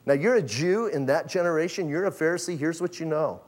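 A man's voice: a little high, fairly quick. A pastor preaching a sermon in a casual, conversational way, acting out the people in his stories with slang. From Arizona.

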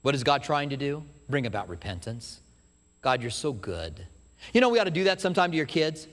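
A man preaching a sermon, retelling a story with animated asides and acting out what people say. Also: on the high side, fast, long reverb tail. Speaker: pastor.

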